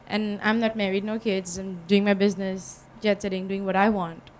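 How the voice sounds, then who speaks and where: A businesswoman with an Indian accent, speaking on a panel and telling lively anecdotes with frequent laughter. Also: medium pitch, normal speed, a little hiss or hum. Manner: animated storytelling, laughs often.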